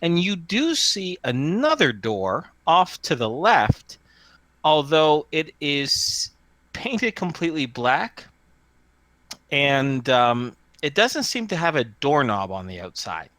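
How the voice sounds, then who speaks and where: A man's voice: a little high, sing-song, takes it slowly, a bit bright, no room sound. A man narrating as game master of a tabletop role-playing game, describing scenes with many fillers and restarts.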